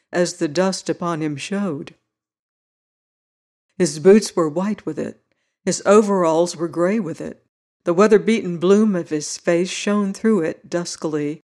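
A narrator reads a classic novel aloud in a steady, measured way. The voice sits at a middle pitch, neither high nor low. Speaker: audiobook narrator.

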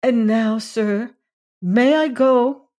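A reader voicing a wan, childlike young woman who lisps and speaks simple broken English slowly, for a storybook reading. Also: mid-range voice, darkish tone, voice pushed up.

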